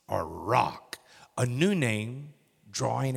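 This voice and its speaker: A male pastor preaching a sermon, swinging from hushed whispers to loud, emphatic bursts. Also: medium pitch, expressive, slow, gravelly, slightly rough. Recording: reverberant hall.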